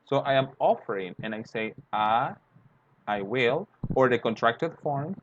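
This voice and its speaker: Slow, lively man teaching grammar. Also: mid-range voice. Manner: slow, explanatory, acts out example dialogues. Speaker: English teacher. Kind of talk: grammar lesson. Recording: dull lo-fi sound, faint noise.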